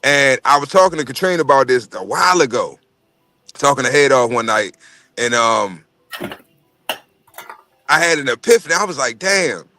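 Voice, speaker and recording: A man's voice: mid-range voice, animated, normal speed, long pauses, sharp tone. A man hosting a casual podcast chat, telling stories in a rambling, profane way.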